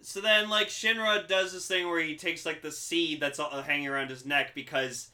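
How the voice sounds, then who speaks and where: A man casually recapping a show with friends, rambling with many fillers and loudly acting out the characters. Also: a little high, fairly even intonation, normal speed. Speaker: podcast co-host.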